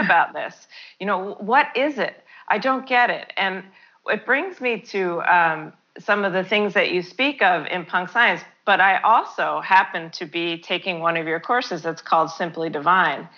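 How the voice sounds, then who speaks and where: A woman's voice: lowish voice, sharp tone, lo-fi sound. A woman interviewer talking casually and enthusiastically, laughing easily as she builds to her questions.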